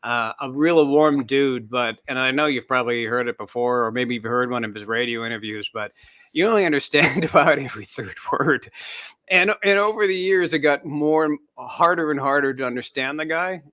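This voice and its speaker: A man's voice: mid-range voice, normal speed, sharp tone, dry recording. A man, the guest on a podcast, chatting casually and telling anecdotes with frequent laughs. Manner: storytelling, laughs often. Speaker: guest author.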